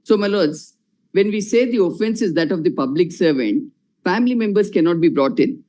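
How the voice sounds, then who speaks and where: A man with an Indian English accent arguing a case before judges, measured and formal, repeating "my lords" again and again. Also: high voice, lively intonation, warm tone. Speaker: lawyer arguing in court. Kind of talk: formal courtroom argument.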